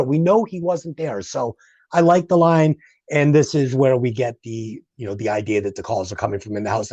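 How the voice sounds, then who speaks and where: A man's voice: mid-range voice, a little mellow, dry recording, muffled recording. A man co-hosting a casual film podcast, blunt and profane in his opinions. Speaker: podcast co-host.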